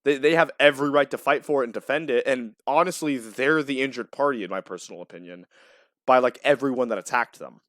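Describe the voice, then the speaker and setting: A man's voice: medium pitch, fast, a bit bright, no room sound, clean studio sound. Blunt, profane man hosting a chat. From USA, Florida. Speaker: podcast host. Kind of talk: casual gaming chat.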